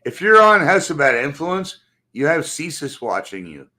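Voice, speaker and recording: A man's voice: a little high, sing-song, moderate pace, a crowd in the background. A man in a casual group chat, ranting in an agitated, repetitive way and swearing a lot.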